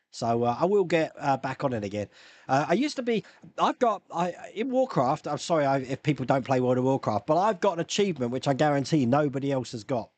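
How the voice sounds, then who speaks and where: A man hosting a casual live stream, chatting loosely and answering viewers' questions with rambling asides and quick laughs. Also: a little high, dry recording. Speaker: YouTube live stream host.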